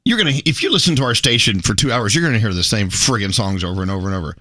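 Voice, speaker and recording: A man hosting a morning radio show, chatting with a guest in a lively, talkative way. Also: lowish voice, very fast, no room sound, clean studio sound. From Scotland. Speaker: radio host. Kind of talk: casual radio interview chat.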